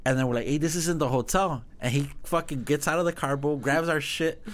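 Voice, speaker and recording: A man's voice: a little high, fairly quick. A man telling a travel story in casual chat, swearing often and acting out what people said. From Mexican heritage. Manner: profane, animated storytelling with acted-out dialogue. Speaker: podcast guest.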